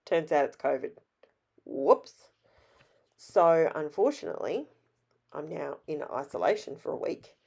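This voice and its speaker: A middle-aged Australian woman with a hoarse, raspy voice, chatting in a rambling, self-deprecating way as she narrates her scrapbooking. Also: sits low, very animated, moderate pace, warm tone. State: hoarse from illness. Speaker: scrapbooking vlogger. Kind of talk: casual voice-over narration.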